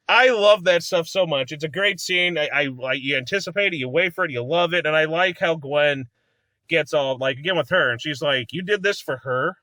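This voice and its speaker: Bright-voiced enthusiastic male movie reviewer. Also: fairly high pitch, moderate pace, dry recording. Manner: rambling, enthusiastic, laughs often, acts out movie lines. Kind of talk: casual movie review chat.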